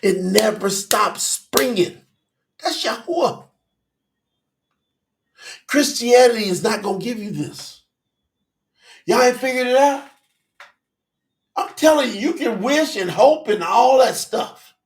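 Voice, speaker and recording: A man preaching a fiery revival sermon, shouting and exclaiming, from Florida, emotional with his nose running. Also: extremely high pitch, lively intonation, slow pace, pauses often. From Florida, United States. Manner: shouting, preaching, Southern US vernacular speech.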